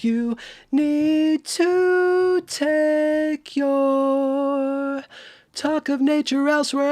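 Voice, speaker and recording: A man singing a musical parody in a cartoony put-on voice, playing indignant young college student protesters with drawn-out sing-song notes. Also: very high voice, no room sound, voice pushed up, exaggerated voice.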